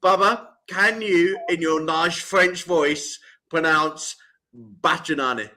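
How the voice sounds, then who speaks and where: A man hosts a live music stream in a loose, joking chat. His voice is very bright and sits a little high, and he teases his co-host and hypes the next track. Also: slow. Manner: playful, chatty, teasing.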